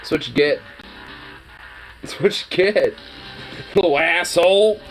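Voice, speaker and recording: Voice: mid-range voice, a little slow, soft background music, low-quality recording. A dog owner chatting casually to their pet dog, teasing it playfully in baby talk with swearing and laughter.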